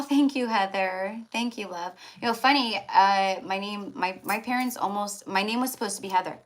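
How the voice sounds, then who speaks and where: A woman's voice: mid-range voice, fairly bright tone, rough recording. Brief: woman tarot reader streaming live, affectionate and chatty, faint hiss. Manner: chatty, affectionate, calls viewers love and hon.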